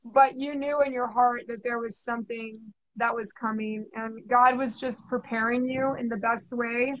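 A woman's voice: on the high side, steady tone, moderate pace, fairly bright tone, low-quality recording. A woman psychic medium giving a live reading, soothing and chatty, often repeating herself.

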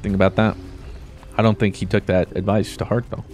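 A man commentating his own gameplay as a video host, joking around and breaking into sudden high yelps. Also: flat delivery, brisk, a little mellow, soft background music. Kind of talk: let's play commentary.

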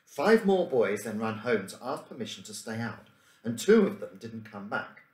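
A man reading a children's book aloud in a measured way, bringing the dialogue to life with lively voices. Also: lowish voice. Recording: roomy room echo.

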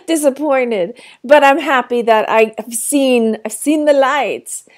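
Chatty woman reseller, slightly high voice. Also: takes it slowly, few pauses. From Texas. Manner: chatty, warm storytelling with frequent fillers and laughs. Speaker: online reseller. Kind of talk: casual weekly sales update.

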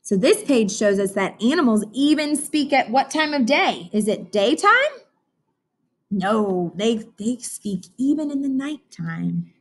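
Reading a picture book to children in an unhurried, animated way, a woman teacher pauses to ask them questions and does animal sounds. Her voice sits on the high side.

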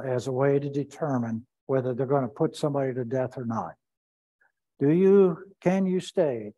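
Man, pastor, bible study teaching, deliberate, repeats phrases, dark mellow voice. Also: mid-range voice, poor audio.

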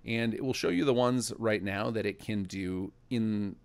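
Gravelly low-voiced man explaining a game. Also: unhurried. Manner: casual, explanatory, thinking aloud. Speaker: game mod developer. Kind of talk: screen-recorded game walkthrough.

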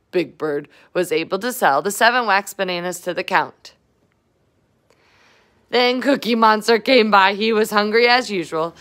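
A woman's voice: mid-range voice, measured pace, a bit bright. A woman reading a picture book aloud to children, adding chatty asides to her young listeners. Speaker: storybook reader.

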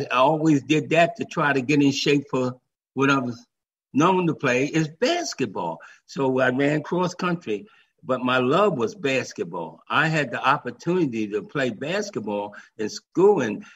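An older man and former football player, telling stories in an interview and acting out the voices he quotes. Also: a little high. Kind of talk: storytelling interview. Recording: dull lo-fi remote line with faint noise.

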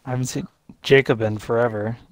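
A man's voice: mid-range voice, steady tone, fairly quick, no echo. A young man chatting with friends over a game, joking, swearing and trash-talking. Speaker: gaming friend. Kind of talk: casual gaming chat.

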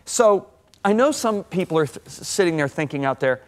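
A man in his sixties, a guest on a TV talk show, telling stories in a lively sermon-like way with big swings of voice. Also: on the high side, normal speed. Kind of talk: animated storytelling sermon-talk.

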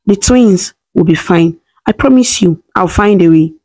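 A woman's voice: lowish voice, unhurried, warm tone. A woman voicing a fierce young mother who speaks with urgent determination to protect her twins. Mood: soothing.

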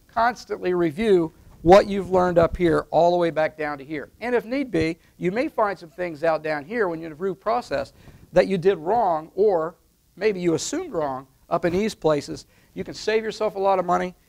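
A man's voice: high-pitched, creaky. A man explaining online marketing steps at a whiteboard, emphatic and repetitive, often checking in with "okay?". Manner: step-by-step, emphatic, repeats with "okay?". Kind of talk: instructional talk at a whiteboard.

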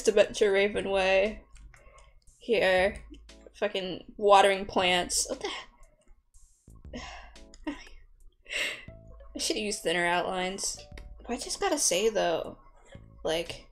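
A young woman rambling casually as she draws, swearing a lot, mocking herself and laughing often. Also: mid-range voice. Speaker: artist vlogger. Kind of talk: casual rambling commentary while drawing. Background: soft background music.

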